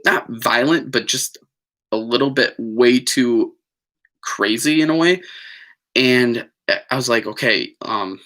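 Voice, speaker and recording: A man's voice: medium pitch, slow pace, long pauses, a bit bright. A man telling a story on a live stream in a chatty, digressive way, with lots of fillers and apologies. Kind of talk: rambling casual storytelling.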